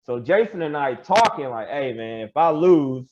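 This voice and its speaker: A young adult man, a pro wrestler guest on a podcast, telling his story in a loose, animated way with laughs and quoted asides. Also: medium pitch, normal speed, highs cut off. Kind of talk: casual storytelling interview.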